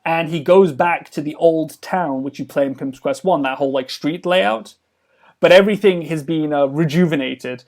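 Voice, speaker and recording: Rambling man, fairly high voice. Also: moderate pace, a little mellow. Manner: rambling, many fillers and restarts. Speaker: game developer guest. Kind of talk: casual podcast conversation.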